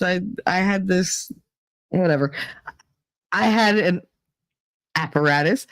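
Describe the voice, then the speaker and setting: A middle-aged woman hosting a podcast, telling a story casually, laughing often and acting out quotes in a higher voice. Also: no room sound, studio quality. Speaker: podcast host.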